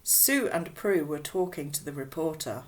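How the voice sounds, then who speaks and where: A woman reading a children's novel aloud with expressive, unhurried storybook narration. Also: low-pitched. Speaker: audiobook reader.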